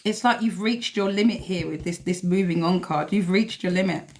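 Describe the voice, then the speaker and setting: A woman's voice: fairly low pitch, moderate pace, a little mellow. A woman giving a blunt, emphatic live tarot reading, swearing freely as she talks to viewers. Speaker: tarot reader.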